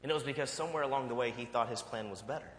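A male pastor preaching a sermon and telling a personal story in a conversational, animated way. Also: medium pitch, very fast. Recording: long hall reverb, faint hum.

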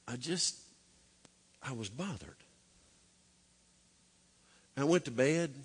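A middle-aged man preaching a sermon, swinging from loud, urgent exhortation to hushed, intimate storytelling. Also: mid-range voice, expressive, slow pace, breathy edge, big-room sound. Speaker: pastor.

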